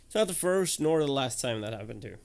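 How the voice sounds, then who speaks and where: A man, a podcast co-host telling stories in casual, swearing, animated chat. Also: mid-range voice, fairly quick.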